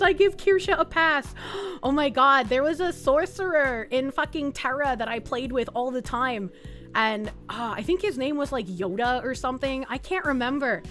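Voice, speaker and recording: A woman's voice: on the high side, a bit bright. A woman streamer in casual chat, reading viewer messages aloud, swearing often and laughing easily.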